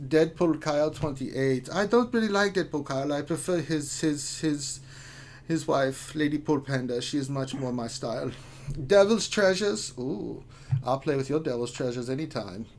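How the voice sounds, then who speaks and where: A man's voice: fairly high pitch, darkish tone, natural voice. A man voicing a lecherous German man in a put-on German accent, reading names with sleazy innuendo on a live stream. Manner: sleazy innuendo, drawn-out teasing. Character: lecherous middle-aged German man named Friedrich.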